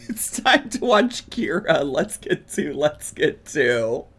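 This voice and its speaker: A man's voice: on the high side, very animated, takes it slowly, hardly any pauses, fairly bright tone, a little hiss or hum. A man in his thirties giving casual, playful reaction commentary, laughing often. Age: 30s. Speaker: YouTube reaction host.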